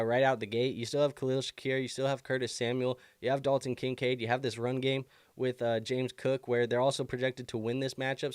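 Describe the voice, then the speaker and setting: A man's voice: mid-range voice, no room sound, studio quality. Casual man hosting a fantasy football stream. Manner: casual, thinking aloud with many fillers. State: has the hiccups. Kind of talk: live stream Q&A advice.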